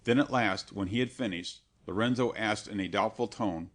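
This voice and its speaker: A man narrating a classic crime story as an audiobook in a steady, even reading. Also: fairly low pitch, moderate pace, hardly any pauses. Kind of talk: scripted narration.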